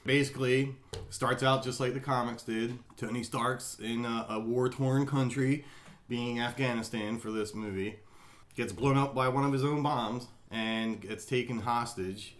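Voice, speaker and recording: A man hosting a podcast, chatting with a guest and reading a brisk recap. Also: mid-range voice, fairly even intonation. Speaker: podcast host. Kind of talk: casual podcast talk and scripted recap.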